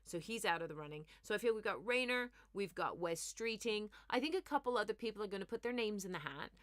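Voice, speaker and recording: A woman's voice: mid-range voice, quick pace, no room sound, studio quality. Sarcastic woman ranting about the news. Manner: animated, sarcastic, ranting asides. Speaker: comedian host. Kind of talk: comic news commentary.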